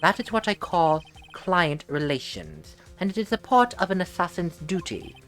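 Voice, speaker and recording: A woman voicing a polite, menacing gentleman assassin in a fan voice-over of a game. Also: fairly low pitch, normal speed, faint music behind. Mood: calm, menacing. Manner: courteous, formal, quietly menacing.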